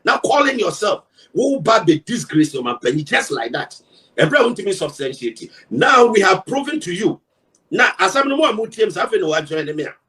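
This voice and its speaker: A Ghanaian man, a broadcaster, giving forceful political commentary, firing rhetorical questions and mixing English and Twi. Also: high-pitched, very animated, a little fast, far from the mic, poor audio.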